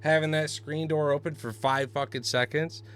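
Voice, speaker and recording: A man co-hosting a casual podcast, excitable and swearing as he banters. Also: on the high side, normal speed, smooth. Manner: excitable, swearing, laughs often. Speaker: podcast co-host.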